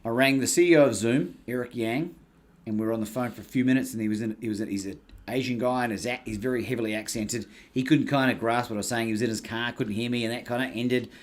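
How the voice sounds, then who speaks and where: A courage coach appearing as a podcast guest tells a story in casual, animated talk, acting out the people he quotes. He has an Australian accent, a mid-range voice, and a quick pace.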